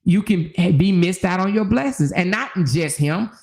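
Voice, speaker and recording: A woman's voice: lowish voice, lively intonation, normal speed, vocal fry, darkish tone. An older woman hosting a casual livestream chat, talking emphatically and preaching, with lots of "you know" asides. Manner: preachy, emphatic, rising into exhortation; conversational, full of "you know". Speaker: channel host.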